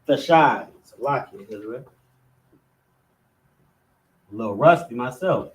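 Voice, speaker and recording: A man teaching a class, working slowly and methodically through words syllable by syllable and repeating each one. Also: medium pitch, expressive. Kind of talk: classroom lesson.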